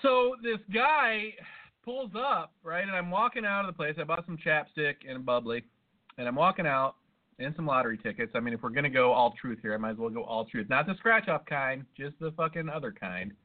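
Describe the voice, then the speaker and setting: High-pitched dude rambling thru a story, swearing a lot, sounds phoney and thin. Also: male voice, brisk, narrow, tinny audio. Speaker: podcast co-host. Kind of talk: casual comedic chat.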